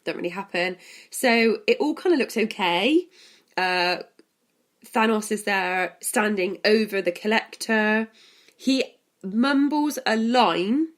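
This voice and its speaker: Brief: chatty woman podcast co-host, mid-pitched, casual film chat, laughs easily. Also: expressive, slow. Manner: chatty, laughs often, retells scenes with quoted lines.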